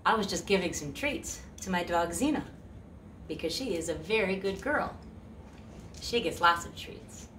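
A woman hosting a children's music show, talking softly and playfully to young listeners and pretending to forget things. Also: lowish voice, expressive, normal speed, distant mic, slight background noise. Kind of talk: gentle talk to children. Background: guitar.

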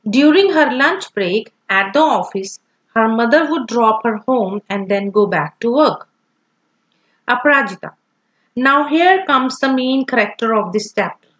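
A woman teacher with an Indian English accent who reads a school lesson aloud and slowly explains word meanings. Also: a little high, a bit bright. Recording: dull lo-fi recording.

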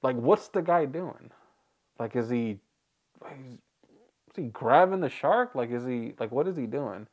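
A man's voice: mid-range voice, expressive, unhurried, pauses often. A man hosting a reaction video, chatting casually, rambling and joking with frequent laughs.

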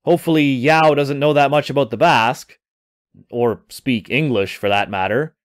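A man reading his own adventure story aloud, narrating in an expressive storytelling manner. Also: medium pitch, normal speed.

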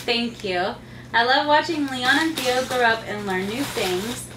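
Her voice a little high and her pace measured, a mother and channel host does a relaxed unboxing while cooing sing-song baby talk to her young children. The echoey room, distant mic and faint ambience leave background noise in the recording.

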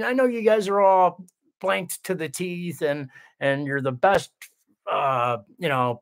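Streamer type: a man with a slightly high voice, loose and profane, chats with his viewers and keeps restarting his thoughts. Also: a bit bright. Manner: rambling, profane, full of restarts; reads viewer comments aloud. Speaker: livestream host reading viewer chat. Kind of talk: casual livestream chat.

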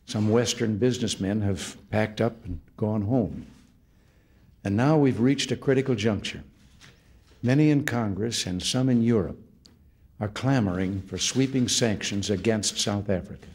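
A man in his seventies from the United States speaks at a podium in a formal state room, laying out a policy address in slow, deliberate phrases. His voice is husky and sits a little low. The delivery is that of a practiced speaker reading a prepared text. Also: darkish tone. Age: 70s. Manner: measured, deliberate oratory in short phrases. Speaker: head of state giving an address.

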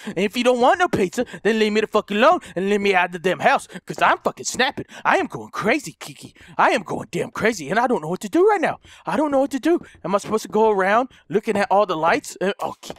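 A man commentating a horror game, jumpy and loud. He swears and laughs through his fear, his voice swinging wide in pitch. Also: dry recording, studio quality. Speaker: gamer commentator. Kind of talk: let's play commentary.

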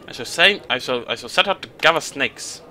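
Animated, bright-voiced British man. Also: fairly quick, slight background noise. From Britain. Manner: playful, jokey, animated reading with sudden pitch jumps. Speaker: let's play host. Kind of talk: game let's play, reading text aloud.

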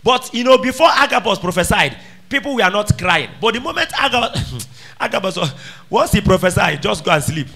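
Lively high-voiced preacher. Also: male voice, fairly quick, vocal fry. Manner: emphatic, calls out questions to the congregation. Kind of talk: sermon.

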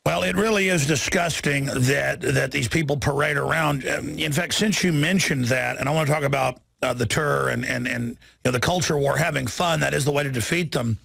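A man hosts a talk radio interview, rambling quickly and restarting his sentences. His voice is gravelly and a bit high. The sound is dry and close, with no room around it. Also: fairly bright tone, dry recording. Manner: rapid, rambling, many restarts. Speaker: radio talk show host.

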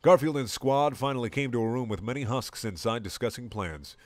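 A man giving a mock-serious dramatic reading, deadpan, who swears at his own slips. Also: medium pitch, brisk, no echo. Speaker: reader of comedy fan fiction.

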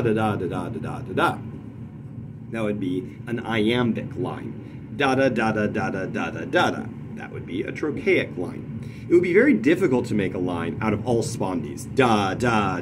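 A man teaching poetry meter, explaining in a lively way and tapping out rhythms with nonsense syllables. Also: on the low side, background noise. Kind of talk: explanatory lesson.

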